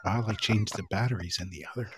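A man co-hosting a casual live podcast, relaxed and teasing, chuckling often. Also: on the low side, fast talker, a little hiss or hum. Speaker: podcast co-host.

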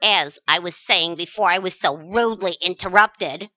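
A woman's voice: on the low side, normal speed, bright, forceful tone, dry recording. A woman acting a crude, sarcastic older wife nagging her husband in a comedy sketch. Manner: sarcastic, insulting.

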